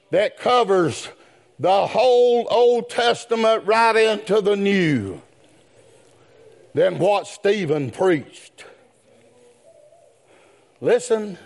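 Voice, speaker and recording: A man preaching a sermon in a whooping, chanted style, swinging between quick low asides and drawn-out shouted phrases, with folksy speech and calls to "brethren.". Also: gravelly.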